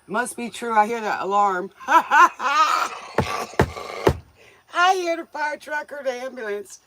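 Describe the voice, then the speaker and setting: A woman's voice: on the high side, animated, slow, noisy background. Folksy joking woman livestream host. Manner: folksy, joking, laughs often; scolds viewers playfully. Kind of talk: casual livestream chat with viewers.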